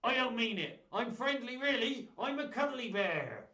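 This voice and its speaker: Pirate bear puppet, female, man-voiced, raised pitch, loud, growly "arr", echoey room. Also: very animated, a little slow, dull audio, full character voice. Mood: reassuring.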